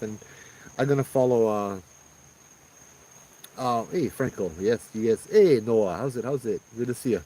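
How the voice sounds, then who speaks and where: A man hosting a live stream outdoors at night, telling his own ghost stories in an excited, rambling way with lots of fillers. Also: lowish voice, moderate pace, slight background noise, poor audio. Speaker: paranormal storyteller host. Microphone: phones streaming live.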